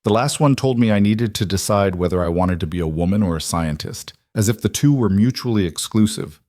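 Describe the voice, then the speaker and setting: A man voicing a frank young woman scientist who speaks in a steady, measured way, read as a storybook. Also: fairly low pitch, dry recording, studio quality, lightly acted. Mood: earnest. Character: sharp-minded young female scientist, frank.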